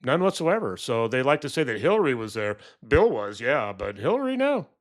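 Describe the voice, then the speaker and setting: A man's voice: medium pitch, big pitch swings, a little fast. A man talking casually on his own, telling a story and then giving political commentary, with many fillers and restarts. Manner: rambling, many fillers and restarts, acts out quoted voices.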